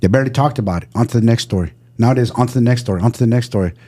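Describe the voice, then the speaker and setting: A man hosting a podcast, chatting casually, upbeat and quick to agree and hype people up. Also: medium pitch, mellow. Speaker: podcast host. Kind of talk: casual chat.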